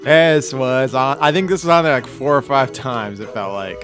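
A man's voice: mid-range voice, normal speed, over music. A man hosting a casual podcast chat, rambling and self-deprecating, laughing often. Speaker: podcast host.

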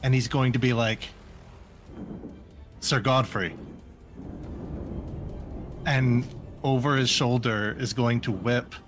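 A man takes part in a tabletop game, speaking in a casual, hesitant way as he explains his moves. His voice sits at a medium pitch for a man, with faint music behind him. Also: steady tone, normal speed. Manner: hesitant, with fillers and chuckles. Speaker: player.

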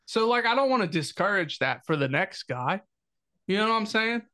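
A man's voice: high voice, expressive, normal speed, sharp tone. A man co-hosting a podcast in a taproom, rambling through crude casual banter with heavy swearing and frequent laughter. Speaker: podcast co-host.

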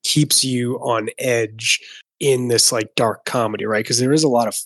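A man's voice: mid-range voice, steady tone, normal speed, a bit bright. A man co-hosting a podcast, talking about films with enthusiasm and lots of "like". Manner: enthusiastic, re-enacts scenes, many fillers of "like". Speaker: podcast co-host. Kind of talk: casual film-discussion chat.

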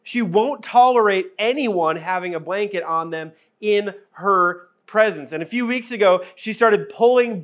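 A man with a notably high voice preaches a casual sermon. He talks to the congregation like he is chatting with friends, slips into humorous storytelling, and repeats key phrases for emphasis. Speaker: pastor.

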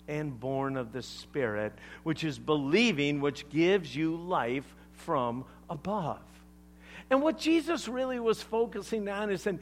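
Male pastor, sermon delivery, slightly high voice with wide swings, unhurried, emphatic. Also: slight background noise. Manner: emphatic, animated preaching with deliberate pauses.

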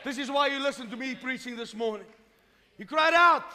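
A man from South Africa preaching a fervent sermon as pastor, rising from calm explanation to shouting. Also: very high voice, a little fast. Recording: long hall reverb.

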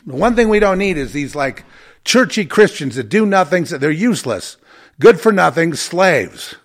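A man's voice: on the high side, sing-song, normal speed. A man hosting his own podcast, delivering an angry, profane and sarcastic solo rant. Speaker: podcast host.

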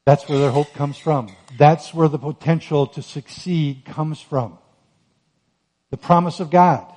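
A man preaching a sermon on Scripture, earnest and emphatic, rising to forceful peaks. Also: fairly high pitch, steady tone, unhurried. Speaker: pastor.

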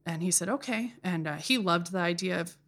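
A woman in her thirties, a podcast guest in casual chat, speaking candidly with frequent laughs and halting restarts. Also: lowish voice, fairly bright tone. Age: 30s.

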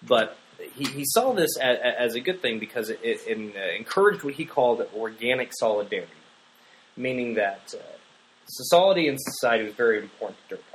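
A man's voice: mid-range voice, lively intonation, fairly quick, a little hiss or hum, rough recording. Rambling man talking casually about film. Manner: rambling, many fillers and restarts. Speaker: podcast co-host.

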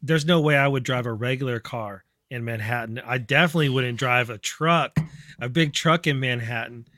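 A man's voice: medium pitch, moderate pace, bright, forceful tone, no echo, studio quality. A man co-hosting a casual podcast, talking earnestly with lots of ums and restarts. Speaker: podcast co-host. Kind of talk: casual chat.

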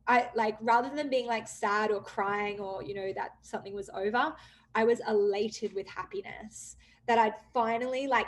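A young woman candidly recounting a personal story, with many "like" fillers, acting out quoted dialogue with lively jumps in pitch. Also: a little hiss or hum. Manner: chatty, frequent "like" fillers. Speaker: guest telling her story.

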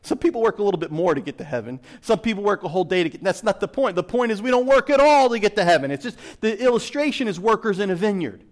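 Animated preacher man, dramatic swings. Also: high-pitched, quick pace, hardly any pauses. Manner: dramatic swings between loud emphasis and hushed asides. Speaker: pastor. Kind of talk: sermon.

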